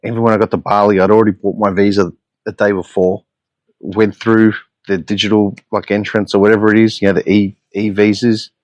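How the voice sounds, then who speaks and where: Ranting Australian man with a low voice. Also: little pitch movement, brisk, darkish tone, no echo, highs cut off. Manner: blunt, profane, exasperated storytelling. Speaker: podcast host. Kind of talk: solo podcast rant.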